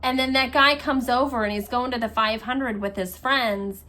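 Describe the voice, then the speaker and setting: Chatty woman, higher voice. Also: normal speed, pushed and bright. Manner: chatty, enthusiastic, laughs often. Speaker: Flosstube host. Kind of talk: casual storytelling vlog.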